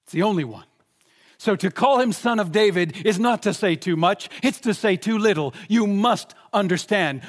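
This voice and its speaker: A man preaching a sermon with enthusiasm, swinging between loud exclamations and hushed whispers. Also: sits high. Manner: enthusiastic, exclaiming over points.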